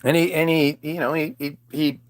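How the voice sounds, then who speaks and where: A man's voice: fairly high pitch, fairly even intonation, moderate pace, no echo. A male comedian telling a crude, rambling comic story with frequent restarts.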